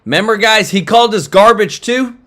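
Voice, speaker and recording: Hyped male vlog host, high bright voice, talks straight to viewers. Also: expressive, brisk. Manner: hyped, keeps addressing viewers as guys. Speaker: news commentary host. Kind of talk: excited political vlog commentary.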